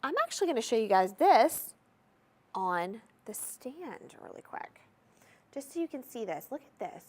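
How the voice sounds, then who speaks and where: A woman's voice: fairly high pitch, very animated, a little slow. A young woman with a Southern US accent, hosting a TV jewelry shopping show in a bubbly, chatty, salesy manner. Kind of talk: TV shopping presentation.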